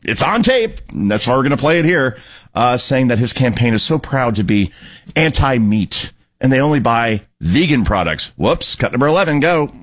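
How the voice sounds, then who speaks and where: Husky guy on talk radio, sarcastic, voice swings up and down a lot. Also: mid-range voice, very animated, normal speed, a bit bright. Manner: sarcastic, opinionated, cues clips. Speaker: radio talk show host. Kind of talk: political talk radio commentary.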